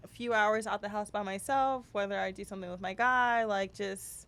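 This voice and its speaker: A woman in her thirties, co-hosting a podcast in casual chat, telling family stories in a lively way with animated voices for the people she quotes. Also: mid-range voice, brisk, clear, resonant tone. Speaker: podcast co-host.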